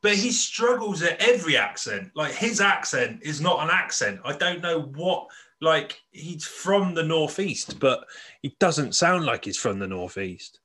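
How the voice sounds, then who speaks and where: A man's voice: fairly high pitch, big pitch swings, unhurried, bright, forceful tone, breathy edge. A man co-hosting a casual film podcast, chatty and laughing often. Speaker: podcast co-host. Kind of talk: casual chat.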